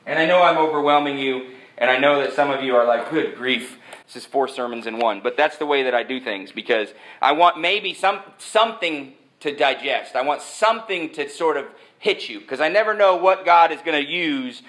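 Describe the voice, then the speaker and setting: A man preaching a sermon, animated and joking, who jumps from point to point. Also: on the high side, moderate pace. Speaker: pastor. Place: church sanctuary. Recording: echoey church sanctuary.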